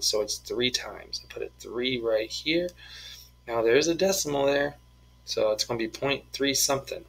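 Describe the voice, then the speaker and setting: A male math teacher works through problems aloud in a screen-recorded lesson, explaining each step and cracking small jokes. His mid-range voice is bright and forward with a slight husky edge, and he comes across easygoing and playful. The audio quality is poor.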